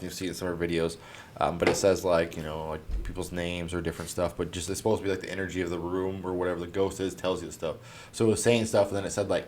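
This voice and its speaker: Young male podcast co-host, deep voice, quick rambling delivery, some faint background hiss. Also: darkish tone. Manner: rambling, swears a lot, many fillers. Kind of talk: casual storytelling chat.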